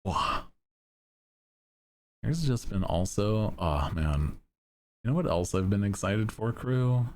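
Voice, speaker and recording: A young man streaming, chatting casually with his viewers in a deep monotone, laid-back and giggly as he reads chat. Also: slow pace, long pauses, a little hiss or hum.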